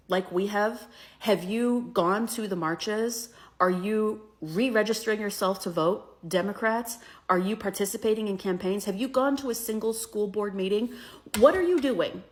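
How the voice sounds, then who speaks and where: Scornful woman ranting at the camera. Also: medium pitch. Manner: scornful, rising to heated and profane. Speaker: commentator in a reacted-to clip. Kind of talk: angry social media rant.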